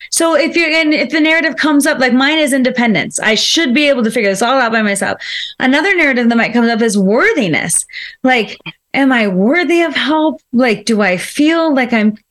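High-voiced woman coaching on a podcast. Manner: reflective, coaching tone with playful quoted voices. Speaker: co-host. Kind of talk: casual podcast chat.

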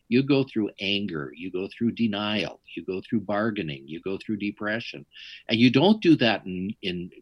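Husky-voiced man telling his story. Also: fairly low pitch, dry recording, highs cut off. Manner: animated, wry storyteller. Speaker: interview guest. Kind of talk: storytelling in an interview.

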